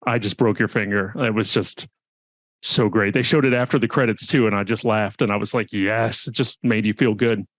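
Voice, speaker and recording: A man's voice: lowish voice, steady tone, moderate pace, dry recording. A man co-hosting a casual podcast chat, talking in an enthusiastic, laid-back, joking way. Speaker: podcast co-host.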